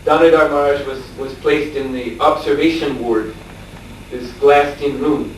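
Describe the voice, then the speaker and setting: Male spiritual teacher, lively storyteller, captured from a distance in a very echoey room with faint noise behind. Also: mid-range voice, normal speed. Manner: animated storyteller, laughing, acting out shouts. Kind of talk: storytelling lecture.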